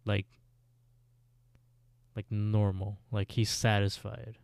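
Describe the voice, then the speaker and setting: Slow, gravelly male podcast co-host. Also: on the low side, flat delivery, a little mellow, no room sound. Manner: laid-back storytelling with laughs. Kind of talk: casual recap chat.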